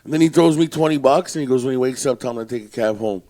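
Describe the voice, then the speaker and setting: A man's voice: mid-range voice, fast talker, dark tone. A man and former bouncer telling blunt, profane stories in casual podcast chat. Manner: blunt, profane, tells tough-guy stories.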